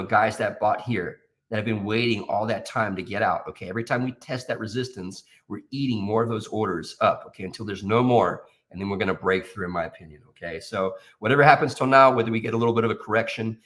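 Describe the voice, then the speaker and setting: Talking through trading charts, a man with a fairly low and somewhat bright voice offers casual but forceful market commentary. As an options trader, he habitually ends phrases with "guys" or "okay?"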